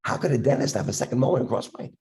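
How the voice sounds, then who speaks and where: An older man, a dentist with a cough from a respiratory illness, telling stories in a podcast chat, acting out the voices in his anecdotes with halting restarts. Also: mid-range voice, animated, darkish tone. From Philadelphia area, USA. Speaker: dentist guest.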